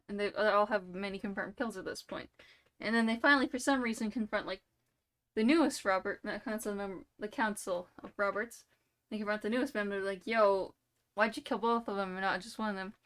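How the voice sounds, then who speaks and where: A woman's voice: medium pitch, a bit bright. A young woman streamer, playful and giggly, rambling through an improvised story.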